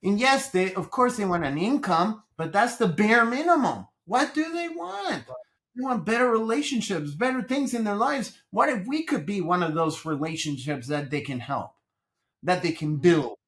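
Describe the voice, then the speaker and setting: Animated male business coach storyteller. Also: sits high, normal speed. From Colombia. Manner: animated storytelling, repeats phrases. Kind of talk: podcast interview.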